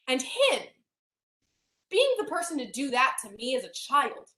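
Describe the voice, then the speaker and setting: A woman speaking a little high in an echoey room recounts a painful personal story. She often falls to a soft near-whisper. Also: big pitch swings, measured pace. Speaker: hypnosis client. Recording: roomy echo.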